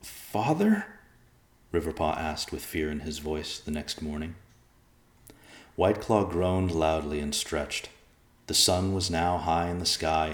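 A man giving a steady, measured audiobook narration of a fantasy tale. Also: extremely low pitch, reverberant.

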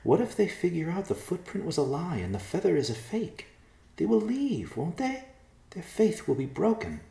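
A man's voice: sits high, very animated, normal speed, creaky, mellow, echoey room, voice pushed up, heavily acted. A man voicing an anxious young woman. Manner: anxious, pleading.

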